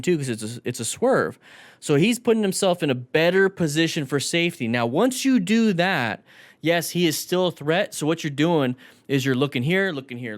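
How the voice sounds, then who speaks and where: A chatty man coaching riders over crash footage, his voice sitting a touch high. The sound is dry and close, with no room around it. He talks straight to his viewers as he breaks down each clip. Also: no room sound. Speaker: motorcycle safety instructor. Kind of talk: video commentary on crash clips.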